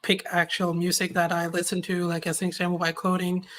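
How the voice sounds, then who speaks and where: Rambling young woman with a lowish voice. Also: monotone, brisk. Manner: rambling, searches for words with many ums and likes. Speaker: open source maintainer guest. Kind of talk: casual interview chat.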